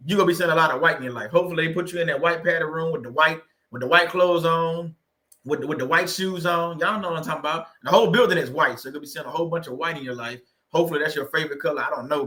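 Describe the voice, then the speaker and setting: A man hosting a casual livestream talk, animated and joking, laughing often and speaking straight to his viewers. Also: fairly high pitch. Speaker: livestream host on narcissistic abuse.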